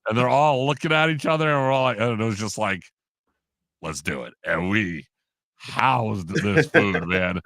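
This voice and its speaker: A man, a sports broadcaster on a podcast, telling stories in an animated way and acting out the quotes. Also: fairly low pitch, moderate pace, no room sound, clean studio sound. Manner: animated storyteller, acts out quotes, laughs often. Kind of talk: casual storytelling in an interview.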